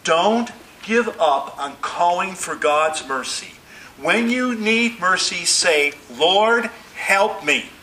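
Male pastor, bright ringing voice, slightly high, earnest sermon delivery, faint hiss behind. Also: expressive, takes it slowly, low-quality recording. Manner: earnest preaching, voicing quoted pleas with rising intensity.

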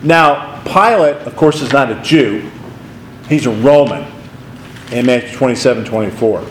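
Pastor teaching in an echoey room. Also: male voice, medium pitch, a little slow, slight background noise. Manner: conversational, animated storytelling with asides. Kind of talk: Bible study teaching.

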